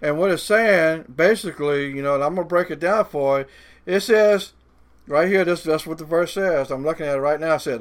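A man preaching a sermon in a folksy way, slowing down with dramatic pauses to stress the verses he reads and mocking doubters in a put-on voice. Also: fairly high pitch.

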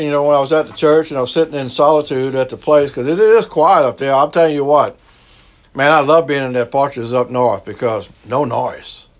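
A man preaching a sermon as a pastor, in a folksy, conversational way. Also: a little high. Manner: folksy, conversational preaching with Southern turns of phrase.

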